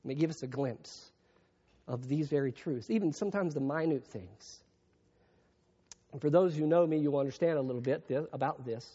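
A man preaching a sermon as pastor, moving between hushed, reflective passages and raised, emphatic preaching. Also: a little high, normal speed, slightly rough. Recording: muffled long-reverb hall sound.

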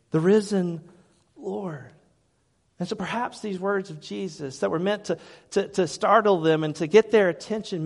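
A man preaching a sermon as pastor, his voice rising to loud, fervent peaks and then dropping to quiet asides, often repeating words as he restarts. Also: a little high, breathy edge. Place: church sanctuary. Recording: hall reverb.

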